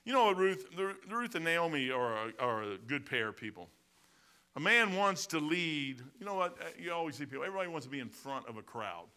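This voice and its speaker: An older man with a Midwestern American accent preaches from the pulpit, his voice bright and sitting a little high. He tells stories with lively swings between loud exclamations and hushed asides. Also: fairly quick, clean tone. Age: 60s. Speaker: pastor. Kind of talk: sermon.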